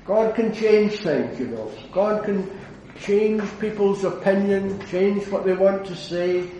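A man preaching an earnest evangelistic sermon, building to fervent declarations and then dropping low. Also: slow, warm tone, slight background noise. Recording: very echoey hall, heard from a distance.

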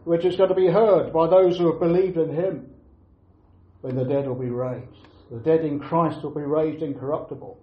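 An earnest man preaches in a fairly high voice. He presses each point with repeated phrases and pauses. The recording is roomy and echoey, with a dull, lo-fi sound. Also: fairly even intonation. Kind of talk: sermon.

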